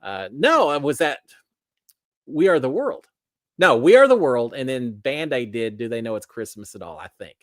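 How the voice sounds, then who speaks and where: A man's voice: mid-range voice, sing-song, moderate pace, dry recording. Rambling middle-aged man, dry room. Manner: rambling, self-deprecating, many restarts. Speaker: livestream host. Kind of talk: casual chat reading viewer comments.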